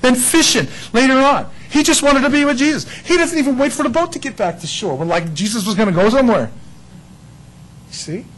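A man's voice: extremely high pitch, lively intonation, a little fast, fairly bright tone, low-quality recording. A man preaching a casual, storytelling sermon who acts out quoted characters and laughs often.

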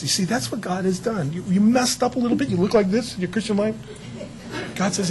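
Male pastor, casual storytelling sermon, slightly high voice, faint noise behind. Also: a little fast, rough recording. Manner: chatty and animated, telling a story with jokes.

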